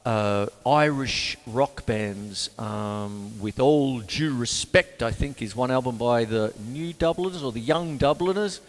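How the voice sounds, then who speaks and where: A man's voice: medium pitch, big-room sound. A man with an Australian accent teaching drums in a casual, rambling way, counting beats aloud and often saying "you see". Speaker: drum teacher. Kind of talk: casual music lesson.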